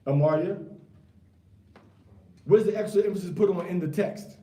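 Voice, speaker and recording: A man's voice: sits high, moderate pace, mellow. A man teaching a casual scripture class. He fires rhetorical questions at his students in a loose, slangy way. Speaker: Bible teacher. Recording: echoey room, mic far off.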